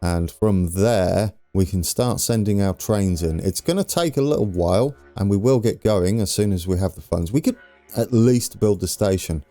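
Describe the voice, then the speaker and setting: A man's voice: fairly low pitch, moderate pace, dark tone, no room sound. A young man hosting a let's play, chatting casually and thinking aloud as he plays, poking fun at himself. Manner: chatty, self-mocking, thinking aloud while playing. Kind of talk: casual gameplay commentary.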